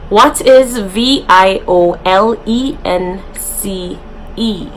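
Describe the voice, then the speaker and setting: A woman's voice: medium pitch, very slow, a little hiss or hum, low-quality recording. A young adult woman with a Jamaican accent, hosting a casual vlog and playfully switching into patois examples. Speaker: vlogger.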